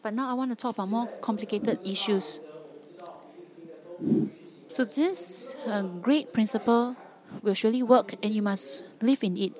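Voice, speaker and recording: A woman's voice: a little high, unhurried, pauses often, darkish tone. Earnest woman preaching with emphatic repetition. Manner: earnest, emphatic, repeats phrases for stress. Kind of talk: sermon.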